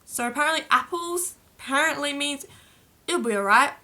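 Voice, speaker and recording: A woman's voice: high-pitched, animated, normal speed, sharp tone. A young Australian woman with an Adelaide accent, chatting playfully in a casual vlog as she reads through a list of slang. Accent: South Australian. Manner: chatty, playful, laughs at the entries. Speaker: vlogger.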